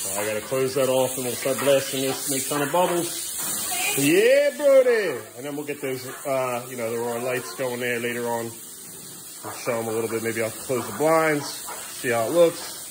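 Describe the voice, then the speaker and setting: A man's voice: medium pitch, moderate pace, noisy background. A middle-aged man, a father filming a home vlog, exasperated and scolding as he keeps repeating commands to his kids. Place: family home, indoors and yard.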